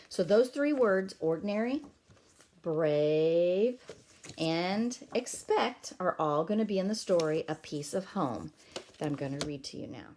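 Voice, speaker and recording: A woman teacher reading a picture book aloud to young children, gently stretching out words for them to guess. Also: lowish voice, a little hiss or hum. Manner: gentle, encouraging classroom tone.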